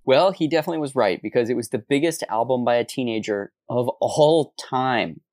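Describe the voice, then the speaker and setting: A podcast co-host who reads scripted narration in a steady manner and chats between the reading. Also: mid-range voice, brisk.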